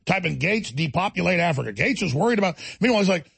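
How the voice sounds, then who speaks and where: Male talk radio host, raspy and fried, high-ish, intense ranting delivery. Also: big pitch swings, quick pace, fairly bright tone, no echo. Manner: intense, mocking put-on voices, ranting. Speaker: radio show host taking calls. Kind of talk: heated talk radio rant.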